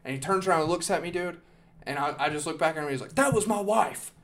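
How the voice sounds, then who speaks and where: A man's voice: fairly high pitch, very fast, a bit bright. A man hosting a podcast, casually telling a long story, rambling and swearing, with "okay?" and "dude" thrown in. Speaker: podcast host.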